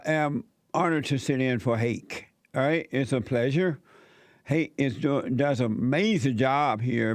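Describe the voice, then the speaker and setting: A man's voice: fairly high pitch, vocal fry, dry recording, clean studio sound. Blunt, plainspoken man hosting talk radio. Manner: blunt, opinionated, plainspoken with casual grammar. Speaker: fill-in radio talk show host. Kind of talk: call-in talk show monologue.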